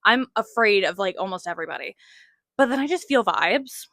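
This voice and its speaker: A woman's voice: mid-range voice, animated, a little fast, bright, forceful tone, no echo, studio quality. A woman in her late twenties hosting a podcast, telling stories in a chatty, self-mocking way full of "like" fillers. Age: late 20s. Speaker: podcast host. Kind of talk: casual storytelling monologue.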